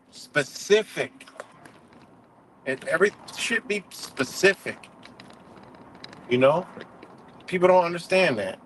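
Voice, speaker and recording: A man with a somewhat high voice rants on a live stream, heated and profane. He circles back to the same points and drops "you know" every few phrases. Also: fairly bright tone, husky, low-quality recording. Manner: says "you know" often. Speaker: livestream host. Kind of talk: casual live-stream commentary rant.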